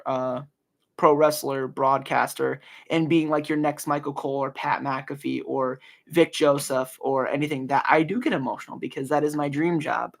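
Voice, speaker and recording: A podcast host in his early twenties, he has a slightly high, gravelly voice with a fairly bright tone. On his casual solo show he speaks earnestly, stumbling into frequent fillers and restarts.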